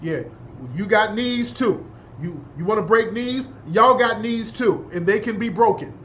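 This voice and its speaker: A little slow and fairly bright, a man's high voice carries an emphatic talk-show monologue, with slight background noise. He repeats his points and keeps checking in with listeners by asking "yeah?".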